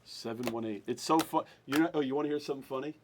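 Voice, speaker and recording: A man hosting a live-streamed card break, excitable and talking over the others, repeating himself. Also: medium pitch, fast, noisy background.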